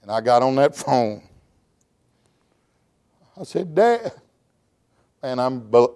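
A middle-aged man, preaching a sermon and telling his testimony with emotion, shouting at times and stammering as he restarts words. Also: medium pitch, big pitch swings, slow pace, long pauses, smooth.

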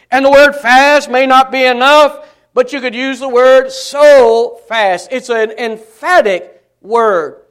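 A man's voice: very high-pitched, fairly bright tone, clean tone. A man preaching a sermon as pastor, calling out to the congregation and breaking into song.

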